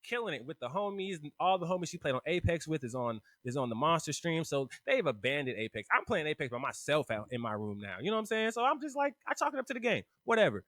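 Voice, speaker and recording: A man co-hosting a casual podcast, telling a story in an animated, profane way and acting out the voices of the people in it. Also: a little high, fast, few pauses, dry recording, studio quality. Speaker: podcast co-host.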